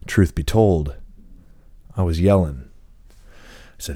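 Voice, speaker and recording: A man's voice: a bass voice, unhurried, warm tone, breathy edge, no room sound. A man hosting a podcast, telling a long story in a laid-back, rambling way and swearing often, speaking close to the mic. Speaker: podcast host. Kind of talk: casual storytelling monologue. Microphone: close microphone.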